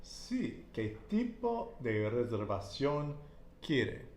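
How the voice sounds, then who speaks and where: A man's voice: medium pitch, big pitch swings, slow pace. Guy teaching spanish in an echoey room, repeats answers back, says excellent a lot, bit of hiss. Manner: encouraging, repeats answers and praises them. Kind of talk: casual Spanish lesson.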